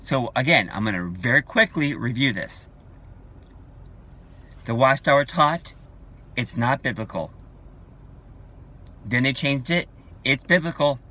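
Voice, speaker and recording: A man in his forties delivering a combative vlog rant, hammering points home through repetition. He speaks slowly, with a bright, forward tone. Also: mid-range voice, lively intonation. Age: 40s. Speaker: vlogger. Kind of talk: ranting vlog monologue.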